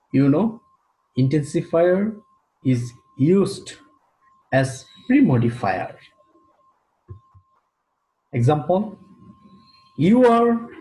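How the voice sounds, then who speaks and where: Guy teaching grammar real slow, mellow voice, echoey room. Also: on the high side. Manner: slow and deliberate, repeats key terms. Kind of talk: recorded classroom lecture. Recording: roomy echo.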